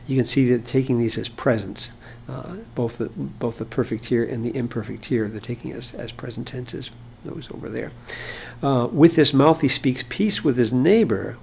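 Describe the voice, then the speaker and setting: A man's voice: mid-range voice, gravelly, a little mellow, slight background noise. A man explaining Hebrew grammar in an informal lesson, talking it through with fillers and restarts. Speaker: Hebrew teacher.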